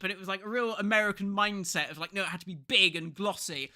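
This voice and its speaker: He talks fast, with few pauses, in a voice that sits high. An English co-host in his thirties on a casual podcast, he tells animated stories and acts out each person he quotes.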